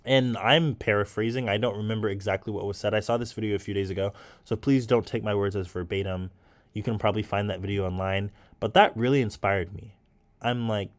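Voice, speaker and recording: A man with a somewhat low voice talks through his thoughts while painting. His tone is casual and reflective, and he keeps encouraging himself as he goes. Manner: thoughtful, self-encouraging musing. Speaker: artist and vlogger.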